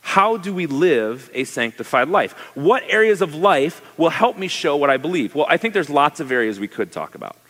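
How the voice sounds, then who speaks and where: A man preaches from the front with a lively, swooping voice pitched a little high, talking to his congregation as if in conversation and throwing out questions. His words ring out with the long reverb of a large hall. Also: moderate pace, hardly any pauses. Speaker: pastor. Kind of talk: sermon.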